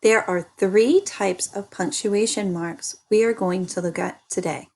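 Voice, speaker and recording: A woman teaching an early-grade reading lesson, speaking slowly and deliberately and repeating little chants for children. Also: mid-range voice, darkish tone.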